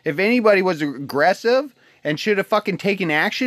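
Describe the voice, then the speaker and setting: A man's voice: high voice, big pitch swings, moderate pace, dry recording. Alaskan man ranting, swearing nonstop. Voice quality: heated, swears constantly, repeats himself. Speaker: husband sending a video message. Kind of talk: profane venting rant. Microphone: phone video message.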